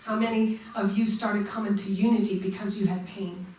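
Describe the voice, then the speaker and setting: A woman's voice: mid-range voice, steady tone, moderate pace, a little mellow, far from the mic. A woman minister giving a sermon to her congregation, engaging them with questions. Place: church sanctuary. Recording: echoey church room, mic from afar.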